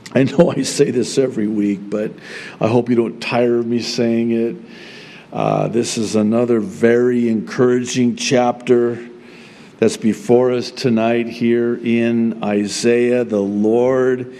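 Slow-talking guy preaching, leans hard on key words, big echoey hall. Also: mid-range voice, fairly even intonation, mellow. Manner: slow, emphatic preaching with prayerful opening. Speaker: pastor. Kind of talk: sermon.

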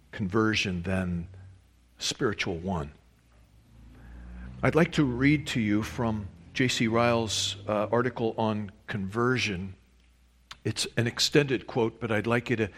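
A man's voice: fairly low pitch, slightly rough. A man preaching a sermon, reading a long quotation and stressing key words with emphatic rises. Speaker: pastor.

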